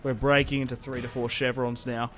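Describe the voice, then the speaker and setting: A young man giving casual, rambling game commentary, self-mocking and prone to sudden excited outbursts. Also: mid-range voice, fairly quick. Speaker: gaming YouTuber. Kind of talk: casual Let's Play commentary. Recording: game music playing faintly behind.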